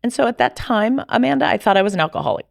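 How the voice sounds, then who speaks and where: Gravelly-voiced woman telling her story. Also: on the high side, racing, no echo, studio quality. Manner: animated, acts out quoted dialogue. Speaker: podcast guest. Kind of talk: personal storytelling in a conversation.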